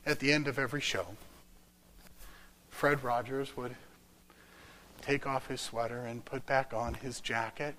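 A man's voice: mid-range voice, little pitch movement, a little slow, long pauses, rough recording. Dramatic male preacher telling a story. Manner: dramatic, swinging from loud to whispered. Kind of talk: sermon storytelling.

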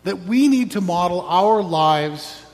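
A man's voice: high-pitched, animated, slow, big-room sound. A man preaching a sermon as pastor, reflective with wry asides.

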